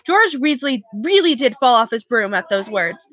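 Read the novel steadily and fix your slips as they come, keeping your voice high and bright. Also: female voice, moderate pace, few pauses, no echo. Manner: steady, with self-corrections. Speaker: reader. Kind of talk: reading a novel aloud.

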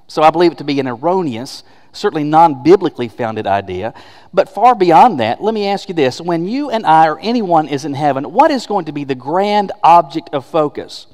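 A man's voice: a little high, a little mellow, long reverb tail. A man preaching a sermon as pastor, emphatic and conversational, asking rhetorical questions. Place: church sanctuary.

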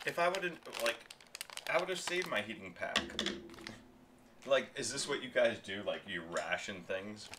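A man's voice: on the low side, expressive, unhurried, background noise. A man casually reviewing food on a stream, rambling and chatty, often talking while he chews.

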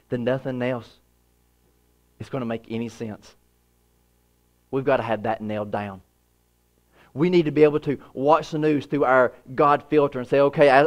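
A pastor in his thirties delivers a sermon in a mid-range voice. He's earnest and leans on repeated phrases, swinging between hushed moments and emphatic ones.

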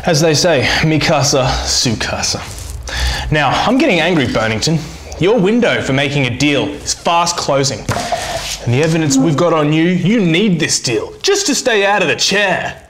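A man's voice: a little high, animated, moderate pace, fairly bright tone. An actor playing a blustering policeman who grills a silent suspect in a mock-tough, theatrical way. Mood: stern. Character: blustering male cop interrogating a silent suspect. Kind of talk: comedy web-series acting. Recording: echoey room with faint noise.

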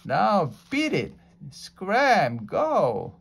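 A man's voice: mid-range voice, expressive, a little slow, a little mellow. A man voicing a cautious, nervous young boy as he reads a storybook aloud. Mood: urgent.

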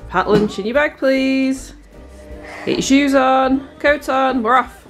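A woman's voice: sits high, slow pace, faint music behind. Chatty British woman vlogging at home. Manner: chatty, talking straight to viewers. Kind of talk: casual home vlog.

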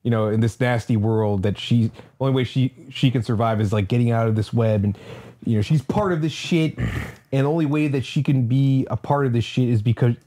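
A man's voice: mid-range voice, a little fast, mellow. A man co-hosting a casual comic book review podcast, talking loosely and swearing. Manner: profane, loose phrasing. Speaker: podcast co-host.

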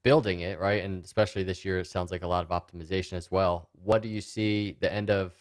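Low-voiced man asking questions. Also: fairly even intonation. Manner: halting, repeats words when asking questions. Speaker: interviewer. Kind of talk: casual interview talk.

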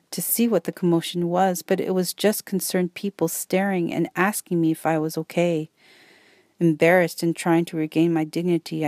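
A woman reading a first-person story aloud as an audiobook narrator, in a calm, steady way. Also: on the low side, no room sound, clean studio sound.

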